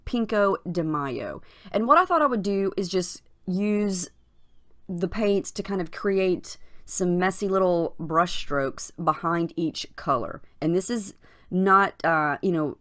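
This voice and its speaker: A woman talks through her craft project in a relaxed voiceover, her voice sitting a bit low and scratchy from the morning. She is chatty and unhurried, dropping in "you know" and "um" as she explains each step. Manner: chatty, unhurried, frequent fillers. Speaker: crafting channel host. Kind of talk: casual voiceover narrating a craft process. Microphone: voiceover recorded separately from the footage.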